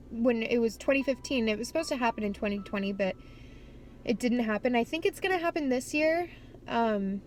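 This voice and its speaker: A young woman vlogging in candid, casual chat. She swears freely and talks outdoors at a skate spot. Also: on the high side.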